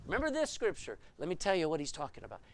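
A man's voice: fairly high pitch, wildly swooping pitch, very fast, vocal fry. A man preaching a sermon as pastor, emphatic and full of rhetorical questions.

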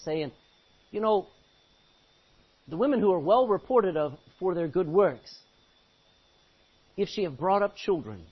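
Male pastor, animated sermon delivery, high and husky voice, lo-fi recording. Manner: animated, exhorting, rhetorical questions. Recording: muffled lo-fi recording.

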